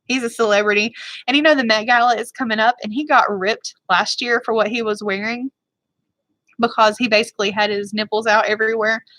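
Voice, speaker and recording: A woman beauty vlogger chatting casually on a livestream, answering viewers in a rambling, fired-up way and talking fast. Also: fairly high pitch, fairly even intonation, fairly bright tone, dry recording, rough recording.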